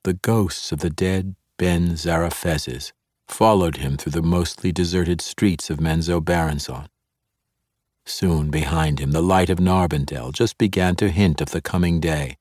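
A man narrating a fantasy novel in a steady, measured way on a close studio mic. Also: low voice, no room sound. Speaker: audiobook narrator.

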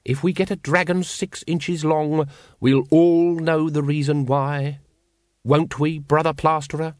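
A man's voice: fairly high pitch, little pitch movement, measured pace, no room sound, voice pushed up, lightly acted. A man voicing a pompous, impatient male cult leader who blusters and snaps sarcastically. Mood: exasperated.

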